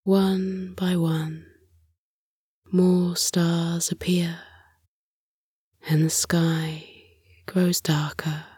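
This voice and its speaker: A woman narrating a children's sleep meditation in a soft, breathy whisper, slow and soothing. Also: lowish voice, level tone, no echo, studio quality. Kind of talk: whispered bedtime story narration.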